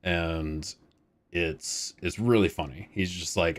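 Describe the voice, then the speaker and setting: A man's voice: sits low, unhurried. A man in his thirties chatting casually on a live stream, rambling, laid-back and swearing freely. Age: 30s.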